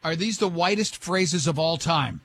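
High-voiced joking radio host man. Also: a bit bright, no room sound. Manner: joking, quick asides, laughing often. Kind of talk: casual radio banter. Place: radio studio. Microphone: studio microphone.

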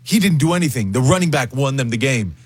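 Blunt, husky-voiced man co-hosting. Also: medium pitch, animated, fast, dry recording. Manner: blunt, opinionated, teasing. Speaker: co-host. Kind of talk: casual radio-show banter.

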